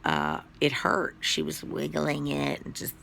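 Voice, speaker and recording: A man sick with COVID, coughing as he tells a rambling, foul-mouthed story to the camera. His voice is heavily gravelly but bright and forceful, and he talks slowly, stumbling through plenty of ums and uhs. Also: on the high side, sing-song, slight background noise. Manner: rambling, profane storytelling with many fillers. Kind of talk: casual personal story to camera.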